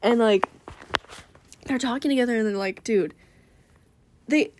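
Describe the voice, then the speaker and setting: A woman's voice: a little high, moderate pace, background noise. A young woman telling a rambling, casual story about her characters, swearing often.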